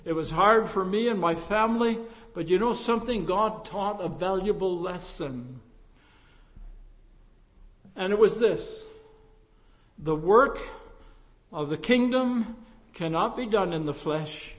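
An older man, a pastor, preaching a sermon in a slow, reflective way, with emphatic rises and hushed drops. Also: high voice, long reverb tail.

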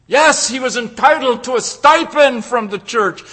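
Male preacher, high bright voice, emphatic sermon delivery that drops to a hush, stumbles and repeats words. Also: unhurried, few pauses, breathy edge. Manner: emphatic, swings from loud declaring to hushed pleading; repeats and restarts words mid-phrase.

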